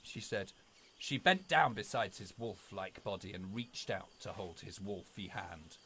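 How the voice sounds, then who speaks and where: Lively man reading a spooky tale. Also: deep voice, a little slow, a little hiss or hum. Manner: dramatic, expressive storytelling. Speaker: storyteller. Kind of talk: reading a spooky story aloud.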